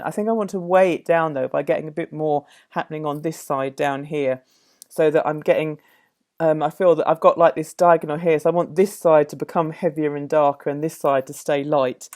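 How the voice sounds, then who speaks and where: A woman demonstrating a watercolour painting, musing aloud as she works, with many pauses and self-corrections. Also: low voice, darkish tone. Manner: thoughtful, musing, full of fillers and self-corrections. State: slightly out of breath at times. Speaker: art teacher.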